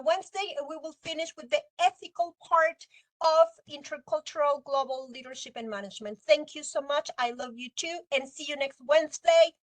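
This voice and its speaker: A woman's voice: high-pitched, rough recording. A woman teaching a university class, giving a heartfelt farewell talk to her students, close to tears. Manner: heartfelt, near tears, warm and encouraging.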